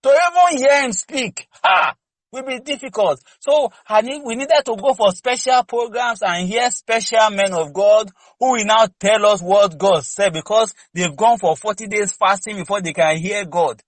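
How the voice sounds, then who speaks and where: A man preaches fervently in a fairly high voice. He exhorts his listeners with rhetorical questions and speaks candidly about his own prayer life. The sound is dry and close. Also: normal speed, few pauses, no room sound, low-quality recording. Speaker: lay preacher. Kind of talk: preaching teaching session.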